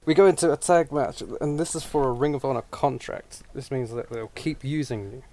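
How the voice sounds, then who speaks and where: A man's voice: mid-range voice, a little fast, a little mellow, a little hiss or hum. A man co-hosting a podcast, chatting casually with mocking, profane jokes and frequent laughter. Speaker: podcast co-host.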